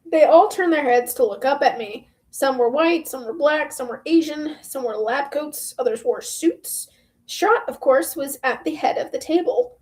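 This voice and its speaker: A woman's voice: high voice, normal speed, a little mellow. A woman reading a novel aloud in a casual style, with playful, chatty asides. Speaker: book reader. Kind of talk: casual read-aloud with commentary.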